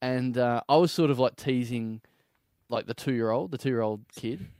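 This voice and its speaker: An Australian man co-hosting a casual comedy podcast, telling stories in an animated, jokey way. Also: mid-range voice, moderate pace, dry recording, clean studio sound. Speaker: co-host.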